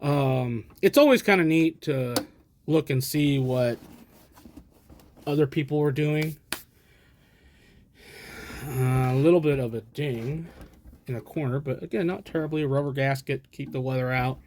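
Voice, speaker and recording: A man's voice: medium pitch, unhurried, long pauses, a little mellow, a little hiss or hum. An American man from the States rambling casually as he shows off his vintage equipment, with chatty self-deprecating asides. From United States. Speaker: collector showing vintage gear. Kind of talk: casual show-and-tell. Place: indoors, at a camera stand.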